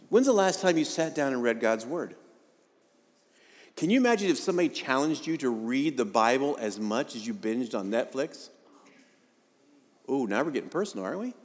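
A man's voice: mid-range voice, lively intonation, normal speed, long pauses, big-room sound. A male pastor preaching a sermon in a conversational way, with jokes and rising emphasis.

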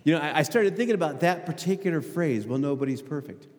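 A man's voice: a little high, animated, quick pace, darkish tone. Man preaching in an echoing church. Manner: conversational, asks the congregation questions, repeats words. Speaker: pastor. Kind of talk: sermon. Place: church sanctuary. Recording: hall with long reverb. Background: long hall reverb.

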